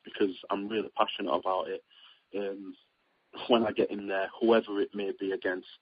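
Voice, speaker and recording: A young man from Britain speaks in a husky, slightly low voice, rambling through his answers with plenty of ums and restarts. The sound is dull and lo-fi, like an interview heard over a radio line. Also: normal speed, no echo. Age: young adult. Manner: rambling, many fillers and restarts, excitable when storytelling. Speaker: boxer being interviewed. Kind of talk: casual phone interview.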